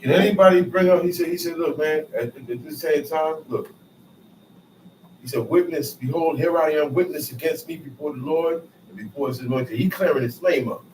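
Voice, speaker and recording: Bible teacher, male, slangy paraphrasing, higher voice, distant roomy recording. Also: normal speed. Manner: explains verses in casual slang, repeats and paraphrases, lively rises. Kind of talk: street-style scripture teaching. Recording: roomy echo, far from mic, faint noise.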